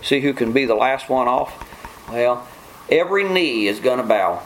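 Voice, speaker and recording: A man's voice: mid-range voice, brisk, gravelly, slight background noise, poor audio. A man preaching a sermon in an earnest way, often restarting phrases and mimicking scoffers. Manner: earnest, repetitive restarts, mock-quotes scoffers.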